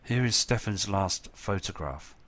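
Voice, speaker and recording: Male host with a somewhat low voice, urgent and earnest, talking over viewer photos. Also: expressive, measured pace, fairly bright tone. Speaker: channel host.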